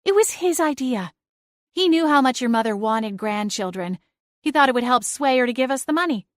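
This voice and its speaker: A woman's voice: high-pitched, lively intonation, normal speed, no room sound, studio quality. A woman voicing a cornered, scheming young woman villain in an audiobook, snarling and spiteful. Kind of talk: audiobook character voice.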